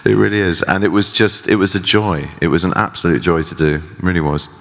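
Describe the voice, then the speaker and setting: A man's voice: low-pitched, fairly even intonation, a little fast, creaky, a bit bright. A man interviewed on stage at a festival, talking in a hesitant, self-deprecating way with many restarts. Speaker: guest actor. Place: large theatre stage. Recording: long hall reverb.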